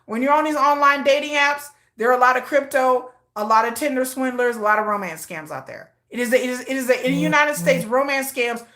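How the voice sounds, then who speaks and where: Animated woman retelling news stories. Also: sits high, fairly quick, hardly any pauses. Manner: animated storytelling, acting out quoted voices. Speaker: K-pop news vlogger. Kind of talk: casual commentary.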